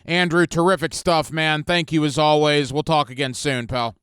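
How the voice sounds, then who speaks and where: A man hosting a radio sports talk show, brisk, firing off quick questions at his guest. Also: on the high side, level tone, a bit bright, clear, resonant tone, no room sound.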